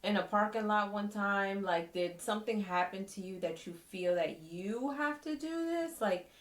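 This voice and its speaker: A woman guest on a reaction video, talking in a measured, questioning way. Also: mid-range voice. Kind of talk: casual reaction chat. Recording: echoey and distant.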